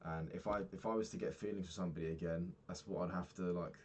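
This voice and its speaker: A man's voice: sits low, steady tone, fast talker, darkish tone, a little hiss or hum. A young man in his twenties talking frankly in a rambling daily vlog, swearing casually and filling gaps with ums. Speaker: vlogger.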